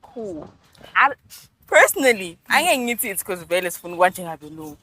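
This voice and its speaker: A woman in a casual chat, making her points in an animated way, mixing English and Zulu and laughing as she talks. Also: medium pitch, normal speed. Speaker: podcast co-host.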